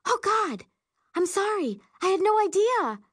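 A woman voicing a bubbly, excitable young woman friend at a party, gushing and squealing. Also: extremely high pitch, measured pace, no echo, clean studio sound, voice pushed up, exaggerated voice. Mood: flustered.

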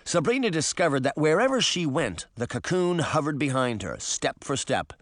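Male narrator for a storybook, lively and expressive, dry close sound. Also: fairly high pitch, normal speed, no echo. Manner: expressive, varied delivery. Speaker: audiobook narrator.

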